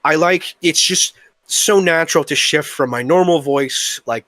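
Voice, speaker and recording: A young man talking casually as an interview guest, rambling and halting, with the occasional curse. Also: a little high, bright, forceful tone, dry recording. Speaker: guest, worldbuilding creator.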